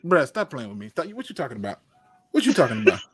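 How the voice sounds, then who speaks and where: A man hosting a casual live stream, joking and reacting loudly to the chat. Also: mid-range voice, big pitch swings, fast talker. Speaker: podcast host.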